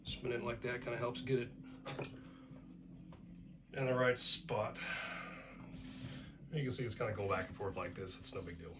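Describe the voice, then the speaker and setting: A man's voice: medium pitch, fairly even intonation, moderate pace, long pauses, noisy background. A man teaching pottery at the wheel in his studio, talking in an offhand, folksy way and tossing in playful sound words. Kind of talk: casual hands-on demonstration.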